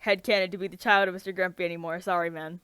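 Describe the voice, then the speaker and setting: A woman's voice: fairly low pitch, fairly even intonation, rapid-fire, pushed and bright, clear, resonant tone, no room sound. A woman co-hosting a casual chat, talking with eager enthusiasm and many restarts. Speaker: podcast co-host.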